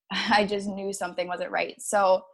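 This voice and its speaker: A woman's voice: medium pitch, flat delivery, creaky. Emotional woman recounting a hard story. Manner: emotional, halting, with nervous laughs. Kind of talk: personal story.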